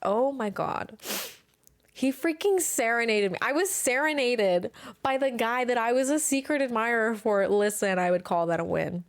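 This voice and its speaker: A woman's voice: fairly high pitch, moderate pace, dry recording, studio quality. A young woman hosting a casual solo podcast, telling stories in a bubbly, gushing way with lots of exclamations. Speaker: podcast host.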